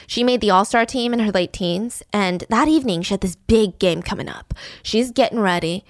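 A woman telling a funny story in a casual, animated, giggly way. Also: medium pitch, no room sound, studio quality. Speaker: podcast storyteller.

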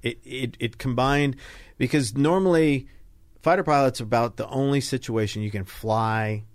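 A man's voice: medium pitch, moderate pace, dry recording, studio quality. An older man, a retired fighter pilot, telling stories in a casual interview and acting out the people he quotes. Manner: animated storyteller, acts out quoted voices. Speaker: podcast guest, retired Navy fighter pilot.

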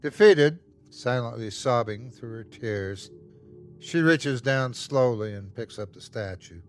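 A man hosting and narrating a horror story in the first person with a slow, tense delivery. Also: mid-range voice, lively intonation, faint music behind. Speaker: host and narrator.

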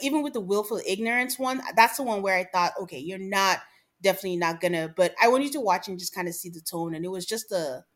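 A woman's voice: medium pitch, a bit bright. Emphatic woman pressing her point. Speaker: podcast co-host. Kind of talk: casual recap chat.

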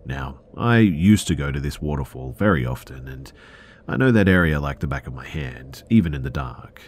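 A man calmly narrating true scary stories in a low-key, subdued way. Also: moderate pace, slight background noise. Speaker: storyteller.

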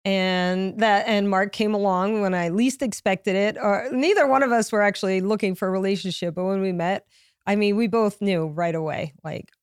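Middle-aged woman, podcast guest, smooth clear voice, open and reflective, dry sound. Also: mid-range voice, steady tone, moderate pace, no room sound. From Louisiana. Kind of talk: casual interview chat.

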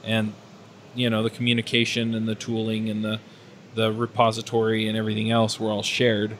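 A man talking through his team experience on a tech podcast in a relaxed, thoughtful way, often pausing with fillers. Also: fairly low pitch, a little hiss or hum. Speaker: podcast panelist. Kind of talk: casual technical discussion.

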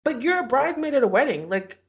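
A woman co-hosting a casual podcast, retelling scenes from a show. She has a fairly high voice and her pitch moves a lot as she acts out what people said. She laughs often as she goes. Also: sing-song, fast, muffled recording. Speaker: podcast co-host recapping a reality show. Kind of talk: casual chat.

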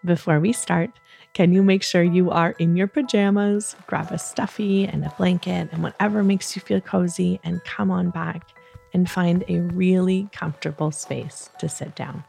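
A woman hosting a children's podcast, talking gently and soothingly at bedtime, coaxing listeners along with playful pretend yawns. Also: lowish voice, fairly even intonation, gravelly, faint music behind. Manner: soft, soothing and encouraging, with playful drawn-out yawns. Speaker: kids podcast host.

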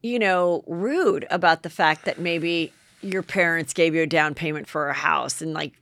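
A woman's voice: deep voice, normal speed, a bit bright, dry recording. Chatty woman podcast host, dry mic. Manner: chatty, many "like" and "you know". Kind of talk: casual chat.

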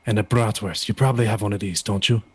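A man's voice: lowish voice, steady tone, quick pace, a little mellow, breathy edge, pitched below the performer's own voice. A man doing a stern German-accented champion. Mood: stiff, formal. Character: stern, formal male wrestling champion with a put-on German accent.

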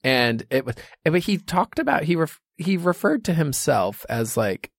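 A young man co-hosting a podcast, his voice carrying a gravelly fry as he jokes and laughs. His pitch jumps around lively from line to line. The sound is dry and close, with no room echo. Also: moderate pace. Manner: joking, pun-heavy, laughs often. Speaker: podcast co-host. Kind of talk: casual comedic chat.

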